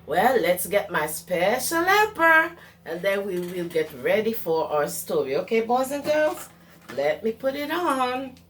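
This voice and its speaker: A woman preschool teacher reading a picture book aloud to young children in a slow, sing-song storytelling way. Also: mid-range voice, big pitch swings, fairly bright tone, a little hiss or hum.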